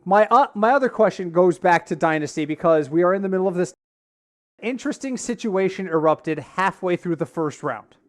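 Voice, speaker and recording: A man's voice: high-pitched, expressive, brisk. A man co-hosting a podcast in casual chat, telling stories and acting out the lines of the people in them. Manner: storytelling, acts out quoted dialogue. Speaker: podcast co-host.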